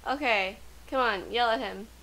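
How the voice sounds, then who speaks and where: Excitable woman gamer, high voice. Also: moderate pace, low-quality recording. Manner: chatty, excitable, gasps and laughs often. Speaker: let's play gamer. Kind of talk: casual gameplay commentary.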